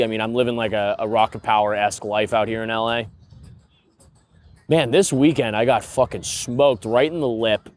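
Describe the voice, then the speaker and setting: A young man hosting a podcast, rambling through a casual comedic monologue and laughing at his own stories. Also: medium pitch. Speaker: podcast host.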